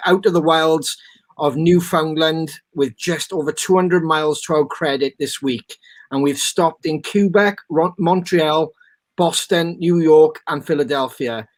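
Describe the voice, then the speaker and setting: A man hosting a podcast in casual chat, rambling and swearing, full of ums. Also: on the high side. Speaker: podcast host.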